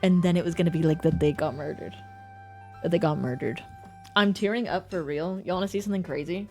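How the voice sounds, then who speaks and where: A woman's voice: on the low side, quick pace, a little mellow, faint music behind. A woman hosting a livestream, chatting casually with viewers, swearing freely and fussing over her pet. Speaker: livestream host. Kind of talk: casual chat with stream viewers.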